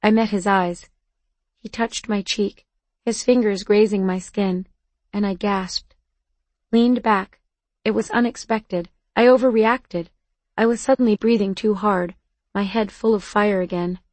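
A woman's voice: mid-range voice, steady tone, a little slow, a little mellow, no echo. A woman narrating a first-person novel aloud in an intimate, emotional, confessional way. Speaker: audiobook narrator.

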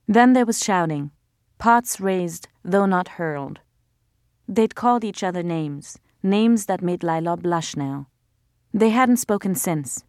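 With a mid-range voice, a woman narrates an audiobook from a script, keeping her storytelling steady and measured. She is close-miked in a studio, and the sound is dry.

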